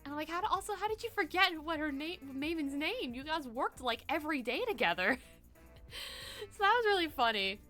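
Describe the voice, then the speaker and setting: A young woman from the US East Coast streams a casual chat, rambling along with lots of "like" and plenty of swearing. Her voice sits high and sounds bright and forceful, her manner is animated and fairly quick, and soft music plays in the background.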